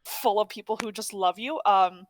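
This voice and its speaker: A woman's voice: medium pitch, moderate pace, crowd noise. A young woman co-hosting a podcast, chatting casually with rambling, self-correcting speech. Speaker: podcast co-host. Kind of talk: casual chat.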